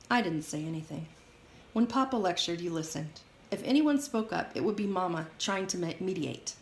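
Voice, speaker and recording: A woman reading a memoir aloud in a steady, measured way. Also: fairly low pitch. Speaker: audiobook reader. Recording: roomy echo, faint hiss.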